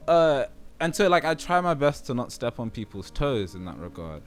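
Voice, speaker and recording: A man's voice: medium pitch, very animated, moderate pace, faint music behind. A young man with a British accent rambling in a casual monologue to his viewers, often checking whether he is understood. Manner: rambling, often asks "do you know what I mean". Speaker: YouTube creator.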